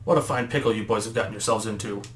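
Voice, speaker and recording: A man's voice: lowish voice, very fast, lightly acted. A man voicing a wise, grandfatherly old male kettle elder who gives warnings, with a put-on voice that keeps shifting. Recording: roomy echo, faint background noise.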